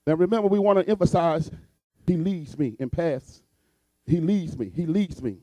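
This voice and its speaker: High-voiced preaching man in a dry room. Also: normal speed, mellow, no echo. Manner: repetitive preaching cadence, building to fervent emphasis. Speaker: pastor. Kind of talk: sermon.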